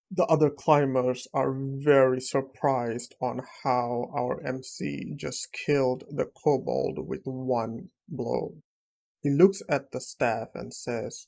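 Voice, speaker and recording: Male recap narrator, casual storytelling, unhurried, slow pace, husky tone. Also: mid-range voice, fairly even intonation, darkish tone. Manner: plain, unhurried retelling.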